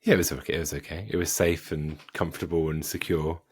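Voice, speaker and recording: A southern English man hosting a podcast, relaxed and self-deprecating. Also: a bass voice, quick pace, husky, dry recording. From Wiltshire, England. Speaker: podcast host. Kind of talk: casual podcast chat.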